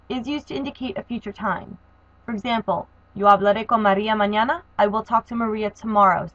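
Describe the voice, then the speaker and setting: A woman walks through a grammar lesson, explaining methodically and spelling out endings one letter at a time. Her voice sits at a middling pitch. The recording is dull and lo-fi, with a dry, close sound. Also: no echo. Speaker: Spanish teacher.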